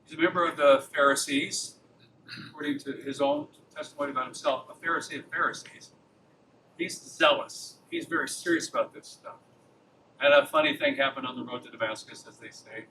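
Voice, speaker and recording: In a lecture room, an LA man visiting a campus apologetics club as guest speaker keeps his informal talk chatty, tossing out rhetorical questions often. His fairly high voice has a sing-song lilt and moves a little fast, picked up from a distance against a noisy background.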